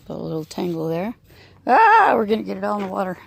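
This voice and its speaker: A woman's voice: mid-range voice, big pitch swings, quick pace, gravelly, slightly rough. A woman running a horse sanctuary talks casually outdoors with her horse, rambling and laughing often. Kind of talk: casual vlog.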